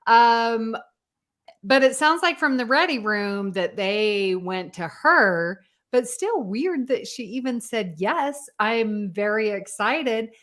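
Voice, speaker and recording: A woman on a podcast co-host panel, asking questions in a casual, unhurried way. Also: a little high, animated, a bit bright. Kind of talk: casual fan discussion.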